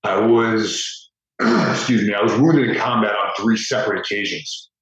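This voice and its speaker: A man who is a guest on a podcast, calmly and plainly recounting events in an understated way. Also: lowish voice, normal speed, heavy reverb, distant mic, lo-fi sound. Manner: matter-of-fact, understated. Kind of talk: interview storytelling.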